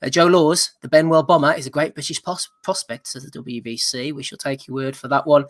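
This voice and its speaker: A man's voice: a little high, fairly even intonation, fairly quick. A man hosting a boxing podcast, running through news items and tweets with chuckles. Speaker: podcast host. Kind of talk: casual boxing chat.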